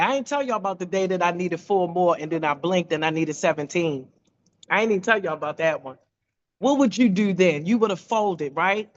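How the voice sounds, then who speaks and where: A woman telling an animated testimony on a video call, acting out quoted voices with big jumps in pitch. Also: brisk, highs cut off. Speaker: team member sharing a testimony.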